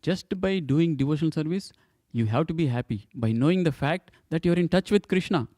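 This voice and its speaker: Man, scripture class, slightly high voice, dry close sound, emphatic rhetorical questions. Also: expressive, a little fast, warm tone, no room sound. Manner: emphatic, repeats points and asks rhetorical questions. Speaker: temple speaker giving a scripture class.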